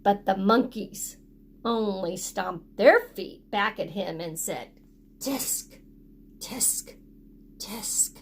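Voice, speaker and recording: A woman reading a picture book aloud to children, pausing often to ask them to join in with actions. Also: medium pitch, slight background noise. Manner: interactive, prompting children to act along. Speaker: storytime reader for children.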